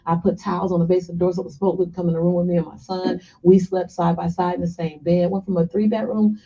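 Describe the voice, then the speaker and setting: A woman's voice: on the low side, flat delivery, fast talker, dark tone. A woman speaking as a guest, telling her story in an emphatic motivational style and repeating phrases for effect. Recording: slightly muffled radio broadcast.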